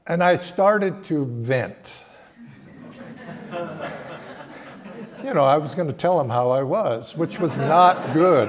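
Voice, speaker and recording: Slow, reflective older man giving a sermon. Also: mid-range voice. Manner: slow, reflective, halting phrasing with frequent restarts and soft laughs. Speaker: spiritual teacher giving a Sunday talk. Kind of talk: sermon with personal storytelling.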